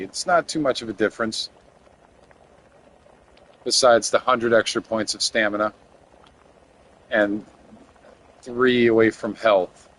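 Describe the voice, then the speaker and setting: A man's voice: mid-range voice, a little hiss or hum. Young male streamer; loose, rambling, jokey chat with viewers. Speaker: game streamer. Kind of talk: casual live-stream chat while playing.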